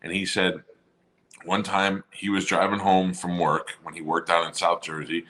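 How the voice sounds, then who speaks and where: A man's voice: low voice, little pitch movement, normal speed, pushed and bright. A man co-hosting a podcast in casual chat, telling long crude stories and swearing freely. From Staten Island area, New York. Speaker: podcast co-host.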